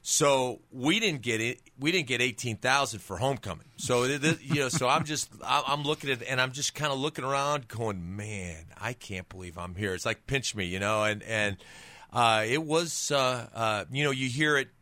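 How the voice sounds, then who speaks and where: Animated man telling stories, bright voice. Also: medium pitch, normal speed, dry recording. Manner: animated storyteller with many restarts. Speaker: guest, former pro football player and author. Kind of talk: casual storytelling interview.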